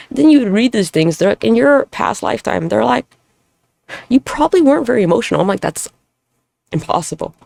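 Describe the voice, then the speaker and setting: A woman's voice: medium pitch, big pitch swings, brisk, vocal fry, long pauses, a little mellow, no echo. A woman hosting a solo podcast monologue, talking in a candid, rambling, profane way with self-deprecating humor. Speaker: podcast host.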